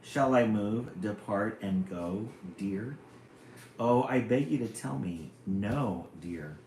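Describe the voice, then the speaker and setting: Lovesick storybook turtle, tender and pleading, slow and a bit low, read by a man, roomy room. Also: expressive, a little mellow. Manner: tender, pleading, sing-song. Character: lovesick male turtle pleading with his sweetheart. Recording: roomy room, faint hum.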